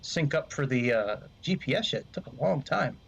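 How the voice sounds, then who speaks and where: A man narrates his flight sim session in a loose, rambling way, swearing casually and chatting with viewers. His voice sits in an ordinary middle pitch. The desk mic sounds a little muffled and lo-fi. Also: animated, moderate pace, vocal fry, slightly rough. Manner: rambling, swears freely, talks to chat. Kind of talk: casual gameplay commentary.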